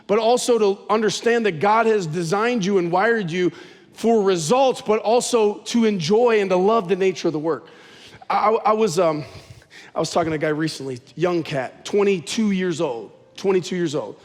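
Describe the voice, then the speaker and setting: A man's voice: high voice, normal speed, long reverb tail. A man preaching a sermon as pastor, talking conversationally and telling stories with animation.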